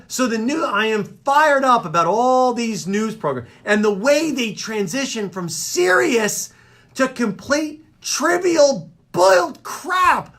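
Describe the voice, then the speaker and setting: A man hosting a live radio comedy show, ranting in an exasperated, animated way about everyday annoyances. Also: extremely high pitch, creaky. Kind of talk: comedic rant. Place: radio studio.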